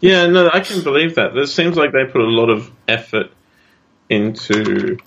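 A man's voice: mid-range voice, steady tone, moderate pace, gravelly, fairly bright tone. A man co-hosting a podcast, chatting casually and making dry, teasing jokes. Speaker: podcast co-host. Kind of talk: casual chat. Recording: dull lo-fi sound, faint noise.

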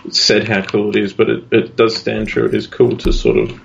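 A man's voice: lowish voice, flat delivery, fairly quick, vocal fry. A man co-hosting a podcast, chatting casually and making dry, teasing jokes. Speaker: podcast co-host. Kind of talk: casual chat. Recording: dull lo-fi sound, faint noise.

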